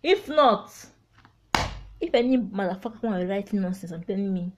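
A woman's voice: medium pitch, lively intonation, normal speed, a little mellow. A woman with a Nigerian accent hosting a solo podcast, talking heartfelt and frank, laughing through painful topics. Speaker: podcast host. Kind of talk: candid solo podcast monologue.

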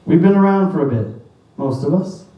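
In a church sanctuary, a pastor with a slightly high voice delivers an animated, brisk sermon, emphatically quoting scripture in archaic wording. The recording is muffled, captured from a distance in a very echoey hall.

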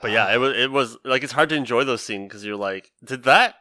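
A man's voice: medium pitch, quick pace, bright, forceful tone, dry recording, studio quality. A man in a casual film-review chat who laughs often and rambles through asides.

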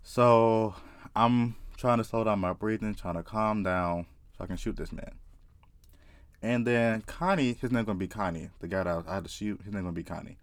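A man casually telling a story to camera, profane and excitable, often laughing. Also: on the low side, moderate pace, dry recording. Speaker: vlogger.

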